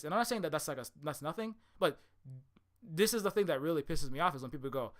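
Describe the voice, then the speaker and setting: A man's voice: on the high side, expressive, fast talker, a bit bright. A young man from Hawaii talking in a rambling, emphatic monologue, swearing often and restarting his sentences. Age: young adult. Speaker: video creator. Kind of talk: casual monologue.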